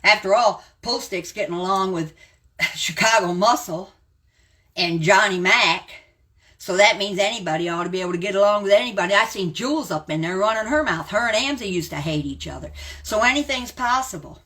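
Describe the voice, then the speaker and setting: Ranting woman in her seventies, bright voice. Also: mid-range voice, a little fast. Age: 70s. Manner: blunt, combative ranting and name-calling. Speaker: live-stream host. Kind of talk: ranting live stream.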